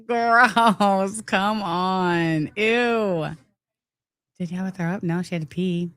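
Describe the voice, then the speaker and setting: A woman's voice: mid-range voice, very slow, smooth, no room sound. A woman, sick with the flu, chatting on a livestream and thanking viewers. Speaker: livestream co-host. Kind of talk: casual livestream commentary.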